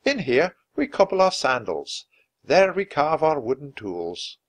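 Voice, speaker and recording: A man's voice: a little high, very animated, measured pace, pitched above the performer's own voice. A man reading aloud voices an earnest, welcoming adult male monk who proudly shows visitors around.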